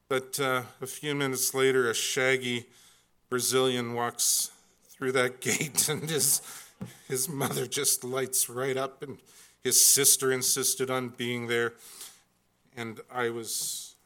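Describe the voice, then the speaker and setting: A man's voice: a little high, bright, forceful tone. A middle-aged man telling a humorous family story, rambling with many fillers and restarts and poking fun at himself. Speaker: speaker.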